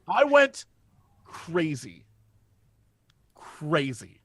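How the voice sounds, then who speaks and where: A man co-hosting a podcast in casual chat, telling a story with excitable energy and plenty of swearing, speaking into a studio microphone. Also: on the high side, drawn-out words, no room sound. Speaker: podcast co-host.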